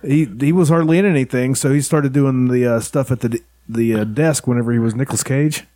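A man co-hosting a casual chat, relaxed and rambling, swearing casually. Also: medium pitch, fast.

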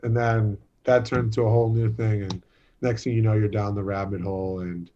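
A man's voice: fairly low pitch, steady tone, brisk. A young man from Boston, a basketball player, chatting as a podcast guest and telling jokey stories. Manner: joking, storytelling. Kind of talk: casual podcast chat. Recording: dull lo-fi sound with faint noise.

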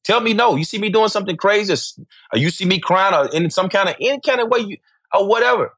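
A man's voice: high voice, fast talker, fairly bright tone, slightly rough, dry recording, studio quality. A middle-aged man, speaking candidly as an interview guest, emphatic and repetitive, swearing freely.

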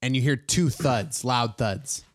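A young man narrating as game master in a tabletop game, pausing often with ums and uhs. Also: medium pitch, no echo, clean studio sound. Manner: hesitant, many ums and uhs.

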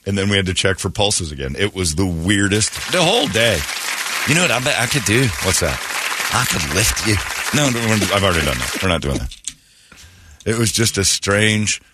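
A man's voice: on the low side, moderate pace, a loud crowd, very noisy. A man hosting a morning radio show, telling a story in casual chat and laughing as he goes. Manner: animated, laughing, puts on voices in quotes. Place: radio studio.

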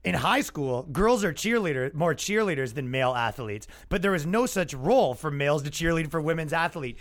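Brief: man, comedy podcast host, high voice, sarcastic rant, acts out both sides. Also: lively intonation, moderate pace, a bit bright. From Canada. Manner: sarcastic, mocking, acts out imagined dialogue.

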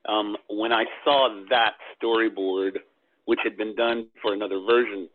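A man's voice: on the low side, fairly even intonation, a little slow, a little hiss or hum. A man who works in animation, answering interview questions with hesitant ums and easy chuckles. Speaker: animation director, guest. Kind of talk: casual interview. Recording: tinny phone-line sound.

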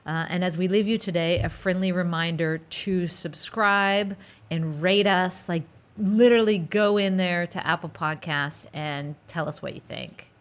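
A woman co-hosting a podcast in casual chat, animated and gushing with quick bursts of enthusiasm. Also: lowish voice. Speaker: podcast co-host.

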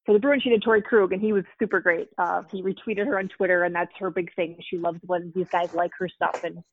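A woman's voice: lowish voice, fairly even intonation, quick pace, dull audio. A woman who is the mother of a young fan, telling a long story as an interview guest, with many fillers and restarts.

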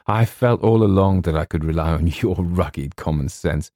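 A man's voice: low-pitched, normal speed, dark tone, no room sound, studio quality, lightly acted. A man voicing a fretful young bachelor writer who talks in an earnest, anxious way.

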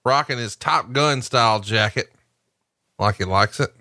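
A man's voice: medium pitch, pushed and bright, no room sound, clean studio sound. A man in his forties from Alabama hosting a podcast, joking casually over old wrestling footage. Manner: joking, profane, quick asides. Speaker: podcast host.

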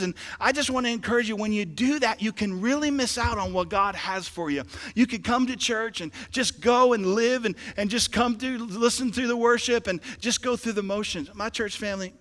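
A man preaching a sermon as pastor, animated and joking, swinging from quiet asides to shouted exhortation. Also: high-pitched, moderate pace, few pauses, in a large hall. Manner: joking, playful.

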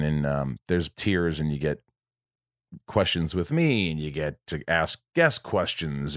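A man's voice: deep voice, dry recording, clean studio sound. An American man hosting a podcast from a room at his home, talking casually and rambling with lots of fillers and restarts. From United States. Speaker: podcast host.

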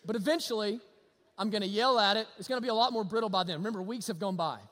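Male pastor, animated sermon delivery, sharp tone, long hall reverb. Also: high voice, quick pace. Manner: animated, swings from loud to hushed.

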